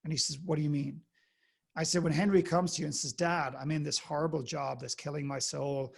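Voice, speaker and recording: An Irish man, a guest speaker on a podcast, telling anecdotes in a lively way and acting out the people in them. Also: fairly high pitch, a little fast, gravelly, slightly rough. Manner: animated anecdote-telling, acts out the people in his story. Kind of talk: storytelling in a conversational interview.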